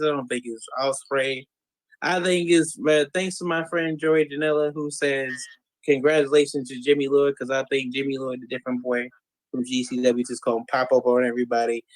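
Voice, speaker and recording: A man in casual podcast chat, rambling and joking, who breaks into loud mocking voices when he imitates fans. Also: mid-range voice, steady tone, brisk, no room sound, rough recording. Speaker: podcast guest.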